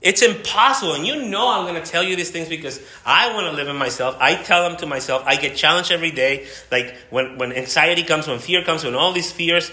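Male pastor, bright forceful tone, impassioned sermon, roomy church echo. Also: on the high side, brisk, few pauses. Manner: impassioned, repetitive, with many restarts.

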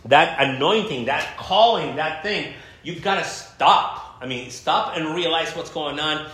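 A man preaching a sermon as pastor, talking in a lively, conversational way and laughing now and then. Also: fairly high pitch, unhurried, echoey room.

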